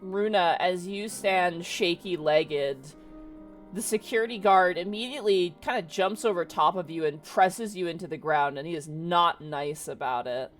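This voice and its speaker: A woman's voice: on the low side, normal speed, soft background music. A woman running a tabletop game as game master, narrating in a chatty way full of "kinda" and "like".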